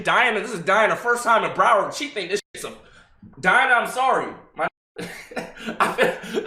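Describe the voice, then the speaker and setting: A young man streaming, telling a rambling story to his chat with lots of swearing and halting restarts, dropping low and quiet then rising loud and high.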